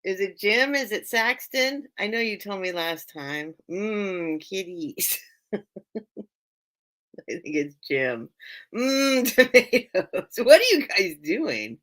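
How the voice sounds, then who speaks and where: Casual live-sale host, a woman, rambling and giggly, with a bright voice and a slow, leisurely delivery. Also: mid-range voice, big pitch swings. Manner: rambling, chatty, laughs often, loses train of thought. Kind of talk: casual live-stream chat.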